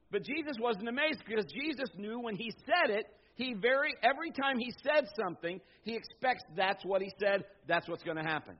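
A middle-aged man preaching a sermon as pastor, swinging from loud emphatic bursts to low, quiet stretches. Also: lively intonation, moderate pace. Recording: slightly dull lo-fi sound.

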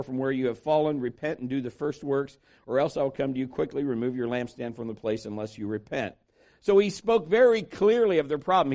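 A middle-aged man preaching a sermon, telling a personal story and acting out the voices of the people in it. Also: a little high. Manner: animated storytelling preacher, acts out quoted voices. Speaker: pastor.

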